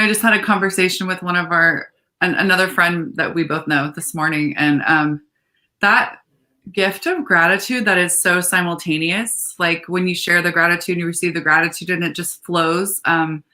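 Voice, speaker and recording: Female guest, lowish voice with a bright, forceful edge; earnest, reflective, video call. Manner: reflective, earnest, many fillers. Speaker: guest, facilitator. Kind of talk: casual interview chat.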